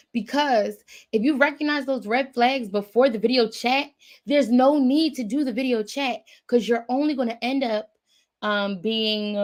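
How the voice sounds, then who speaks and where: A woman dating coach chatting casually to her viewers, animated and often laughing as she calls them y'all. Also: on the high side.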